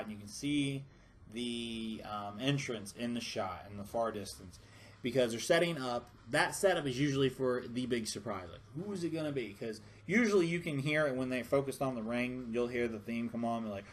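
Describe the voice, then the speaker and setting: Heated, profane man ranting. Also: mid-range voice. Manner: heated, profane, rambling with restarts. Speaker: wrestling reviewer. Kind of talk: casual rant review.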